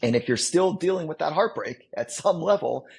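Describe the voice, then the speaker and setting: A man's voice: on the high side, lively intonation, moderate pace, vocal fry, darkish tone, slightly rough, poor audio. A man, a psychologist guest on a podcast, explaining ideas in a teacherly way and building his points with vivid everyday examples. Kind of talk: explaining concepts in a podcast interview.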